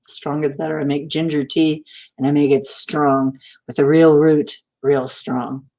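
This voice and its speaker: Low, slow-talking woman livestream host. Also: level tone, mellow. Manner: chatty, laughs often, greets viewers by name. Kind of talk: casual chat with live viewers.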